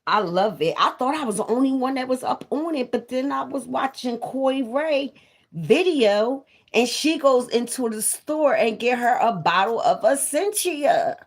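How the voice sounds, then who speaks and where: A woman's voice: on the high side, lively intonation, a little slow, gravelly. A woman chatting casually to her viewers on a live stream, repeating herself and swearing freely. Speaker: vlogger on a livestream.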